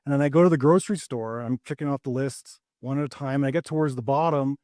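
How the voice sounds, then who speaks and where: Man doing stand-up, mellow voice, dry close sound, hesitant and rambling. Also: mid-range voice, fast, no echo. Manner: hesitant, rambling with restarts and deadpan punchlines. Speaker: stand-up comedian. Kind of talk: stand-up set.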